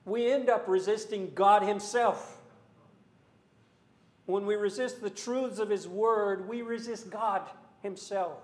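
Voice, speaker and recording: A man preaching a sermon in a church, earnest and full of rhetorical questions, sometimes rising to loud emphasis. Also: sits high, steady tone, takes it slowly, echoey room.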